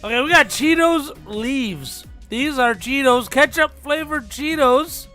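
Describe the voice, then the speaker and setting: A man's voice: very high voice, slow pace, bright, forceful tone, faint music behind. A man co-hosting a podcast in casual chat, tossing off dry sarcastic quips. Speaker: podcast co-host.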